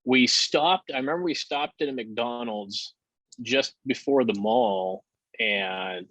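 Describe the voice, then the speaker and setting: A man telling his story candidly in a casual interview, with halting fillers and the odd curse. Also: medium pitch, a bit bright, dry recording. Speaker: podcast guest. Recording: dull lo-fi sound.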